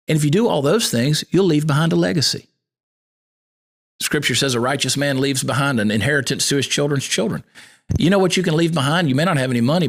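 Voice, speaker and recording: A man hosting a podcast, giving a folksy, preacherly motivational talk that quotes scripture. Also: mid-range voice. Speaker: podcast host.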